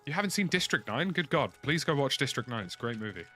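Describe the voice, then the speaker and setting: A young British man talks loosely over his gameplay, circling back on his points with a frank, rambling manner. His voice sits at an ordinary mid pitch, and a steady wash of game noise runs under the recording. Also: fast. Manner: chatty, rambling, frank opinions. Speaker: gaming streamer. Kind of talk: casual commentary while playing. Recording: noisy game audio underneath.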